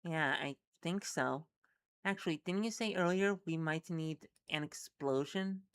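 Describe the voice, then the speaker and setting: A woman's voice: deep voice, unhurried, smooth. A woman reading as a queasy, hesitant patient. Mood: uneasy. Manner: hesitant, plainspoken. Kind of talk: reading a webcomic aloud with voices.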